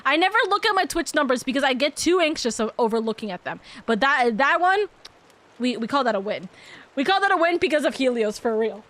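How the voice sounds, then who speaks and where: A woman streaming live, chatting casually and affectionately with her viewers, talking fast and rambling with lots of repeats. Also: high voice, lively intonation, fairly bright tone. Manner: bubbly, affectionate, rapid and rambling. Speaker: VTuber streamer.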